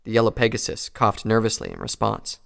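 A man reading a pony fan fiction story aloud in a calm, even storytelling voice. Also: on the low side, a little fast, creaky, smooth. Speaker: narrator.

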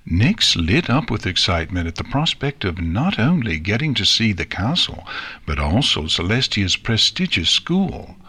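A man narrating an audiobook with smooth, expressive storytelling. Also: lowish voice, moderate pace. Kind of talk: audiobook reading.

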